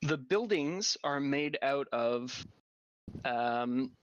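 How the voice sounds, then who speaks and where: A man's voice: mid-range voice, animated, drawn-out words, muffled recording, slight background noise. A man with a sore throat narrating a tabletop game as dungeon master, talking casually with many fillers. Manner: casual, many fillers and restarts while describing scenes. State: getting over a cold, sore throat.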